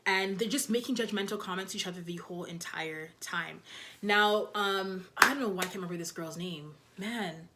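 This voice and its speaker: A woman's voice: fairly low pitch, moderate pace, heavy background noise. Chatty young woman reviewing a show. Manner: chatty, loose, heavy on fillers like "like" and "you know". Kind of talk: casual episode review chat.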